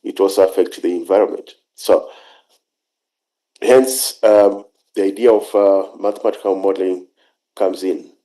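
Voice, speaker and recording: Low, mellow-voiced man giving an academic talk. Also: steady tone, rough recording. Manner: measured, halting with frequent fillers. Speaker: conference speaker. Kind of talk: academic presentation.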